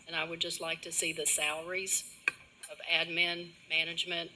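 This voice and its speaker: A woman's voice: lowish voice, flat delivery, moderate pace, bright, forceful tone, slight background noise, rough recording. A woman commissioner questioning a witness at a public meeting, insistent. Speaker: county commissioner.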